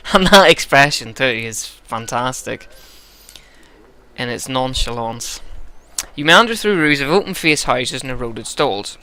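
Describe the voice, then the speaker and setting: A man's voice: medium pitch, animated, slow, sharp tone. A tipsy man narrating a story game, joking and rambling between lines. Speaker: let's-play narrator.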